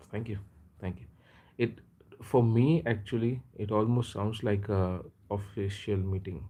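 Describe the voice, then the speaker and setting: A man from India chats his way through a casual live stream in a low, husky voice. He rambles from one thought to the next, stopping often to hesitate and correct himself. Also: mellow. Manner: rambling, chatty, frequent hesitations and self-corrections. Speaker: livestream host.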